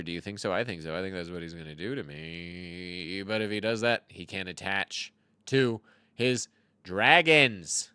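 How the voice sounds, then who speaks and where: Lively, bright-voiced man joking through gameplay. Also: fairly low pitch, no room sound. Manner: rambling, jokey, self-mocking asides. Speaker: card game streamer. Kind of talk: casual gameplay commentary.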